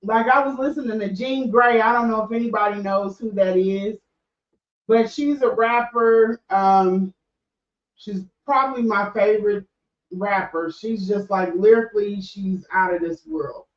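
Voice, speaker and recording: A woman's voice: medium pitch, measured pace, distant mic. Candid woman in an echoey room. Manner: candid, conversational, with frequent restarts. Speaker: podcast host. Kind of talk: casual livestream talk. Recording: echoey room, off-mic, dull sound.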